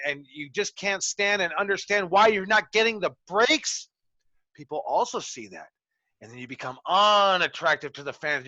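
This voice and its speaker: A man coaching a wrestling class over a video call, telling stories in an animated, profane way. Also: on the high side, dry recording, highs cut off. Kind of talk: online class, casual coaching talk.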